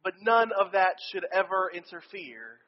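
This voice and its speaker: High-voiced male pastor preaching. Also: very animated, moderate pace, muffled recording. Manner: earnest, personal storytelling preaching. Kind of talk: sermon.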